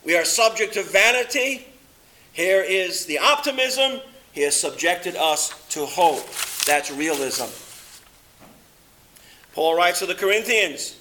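A man preaching a sermon, swinging between loud, high exclamations and low, quiet statements. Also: big pitch swings, a little slow.

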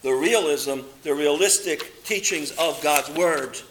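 A man preaching a sermon with a high, bright voice. He sways between loud, lifted exclamations and low, hushed statements, pressing each point hard. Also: slow, slight background noise.

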